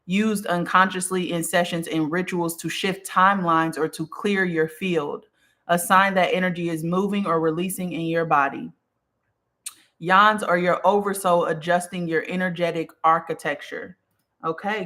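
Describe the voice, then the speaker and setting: A woman hosting a spiritual live stream, reading viewer comments aloud in casual chat and affirming them with a steady "okay" and "period". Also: lowish voice, moderate pace. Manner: affirming, repeats "okay" and "period", relaxed and chatty; yawns and sighs now and then.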